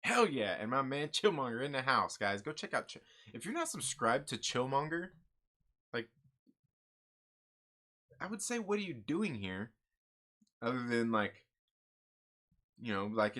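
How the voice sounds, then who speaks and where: Bright, rambling man chatting about comics. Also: medium pitch, very animated, measured pace, pauses often. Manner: rambling and upbeat, many "like" fillers. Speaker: comic book channel host. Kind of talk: casual live-stream chat, answering viewer comments.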